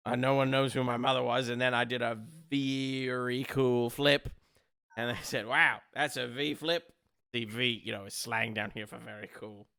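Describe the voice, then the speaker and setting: A man voicing a cocky young male kobold who brags about his tricks, with a loud, chummy manner. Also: medium pitch, fairly even intonation, normal speed, creaky, smooth, dry recording, studio quality. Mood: boastful.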